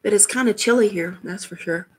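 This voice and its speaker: A woman's voice: medium pitch, fairly quick, darkish tone, slightly rough, low-quality recording. A woman hosting a casual livestream chat from home, rambling and laughing often as she talks to viewers. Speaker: livestream host.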